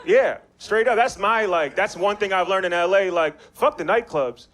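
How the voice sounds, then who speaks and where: On stage at a small bar, this young Maryland comic keeps it loose and chatty, trading banter with the audience in slang. He has a high-pitched, slightly bright voice at a moderate pace, with clear background noise from the live room.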